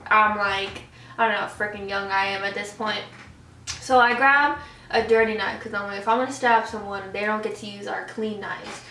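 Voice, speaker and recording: A woman's voice: medium pitch, normal speed, recorded from a distance, slight background noise. A young woman vlogger telling stories casually over a meal and acting out the scenes as she goes. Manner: animated, acts out scenes and voices. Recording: roomy echo, voice off-mic.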